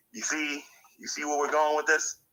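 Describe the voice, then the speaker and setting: A man lecturing in an indignant, preachy tone, his voice very bright and cutting, and his pitch rising and falling widely. He trips over his words and repeats them as he pushes his point. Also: rough recording. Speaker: YouTuber ranting about his community. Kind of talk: monologue rant to camera.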